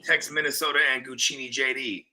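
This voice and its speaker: A man's voice: mid-range voice, steady tone, brisk, pushed and bright. A young man co-hosting a podcast, talking sports in loose, profane, rambling banter. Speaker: podcast co-host. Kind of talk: casual sports chat.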